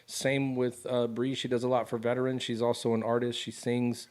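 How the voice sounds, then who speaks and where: Easygoing man, mid-pitched, casual co-host. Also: flat delivery, normal speed, darkish tone. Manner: easygoing, many fillers like "uh" and "you know". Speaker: podcast co-host. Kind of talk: casual chat.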